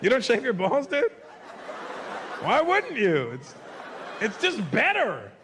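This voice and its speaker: A man's voice: very high-pitched, wildly swooping pitch, slow, noisy background. A man doing a stand-up comedy set, teasing the crowd with incredulous questions. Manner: incredulous, mocking crowd work.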